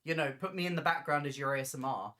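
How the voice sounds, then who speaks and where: Late at night at home, sitting on the floor, a woman chats casually with her livestream audience. She talks loudly and fast in a low voice, gets distracted easily, hops from idea to idea, and giggles a lot.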